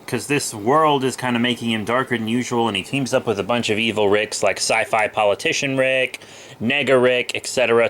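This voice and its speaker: Bright-voiced young man, a little sick. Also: medium pitch, a little hiss or hum. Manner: rambling, loose, with many fillers. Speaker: comic book vlogger. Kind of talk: casual haul video chat.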